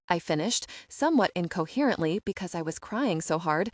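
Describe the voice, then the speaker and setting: A woman's voice: fairly low pitch, animated, fairly quick, few pauses, no room sound, clean studio sound. A young woman reading a first-person young adult audiobook in a wry, confiding and emotional way. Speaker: audiobook narrator.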